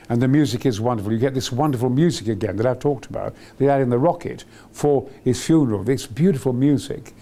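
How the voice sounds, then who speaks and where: Excitable older man, animated. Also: medium pitch. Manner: enthusiastic, excitable, many fillers and restarts. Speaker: actor being interviewed. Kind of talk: rambling anecdotal reminiscence.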